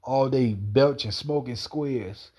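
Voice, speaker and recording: Speaking slowly in a medium-pitched, darkish voice, a man rambles through a slangy personal monologue. He stumbles, repeats himself, and calls out to someone who isn't there by name.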